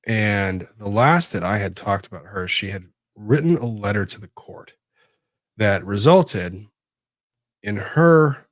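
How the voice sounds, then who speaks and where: A man's voice: lowish voice, animated, a little slow, dry recording, studio quality. A man hosting casual legal commentary, talking to himself as he hunts for documents and rambles on. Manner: rambling, talks to himself while searching documents. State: disorganized after moving.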